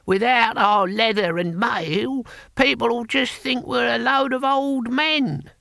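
A man voicing a simple, grumbling old male barbarian with a slow, plaintive drawl. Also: very high-pitched, gravelly, bright, forceful tone, no echo, clean studio sound, pitched above the performer's own voice, exaggerated voice.

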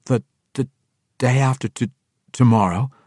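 A perplexed, edgy male dark-elf leader, demanding answers and flustered, voiced by a man reading aloud. His pitch rises and falls with animation over a low base. The sound is dry. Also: lively intonation, normal speed, no room sound.

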